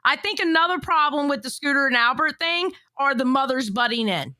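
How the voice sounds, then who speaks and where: High, bright woman hosting a chatty stream. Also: brisk, no room sound. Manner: animated, teasing, swearing. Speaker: stream host. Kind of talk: casual livestream chat.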